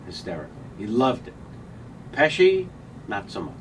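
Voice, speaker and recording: A middle-aged man being interviewed on a radio show, dry and quick-witted, with pauses and fillers. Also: fairly low pitch, big pitch swings, distant mic, noisy background. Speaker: guest.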